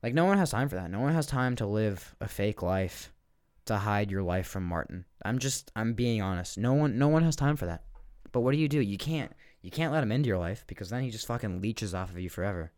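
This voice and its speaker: A man's voice: lowish voice, animated, brisk, a little mellow, dry recording, studio quality. A young man hosting a podcast, telling a comic rant full of swearing, rambling and restarts. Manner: profane, rambling, restarts often. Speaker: podcast host. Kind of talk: comedic rant.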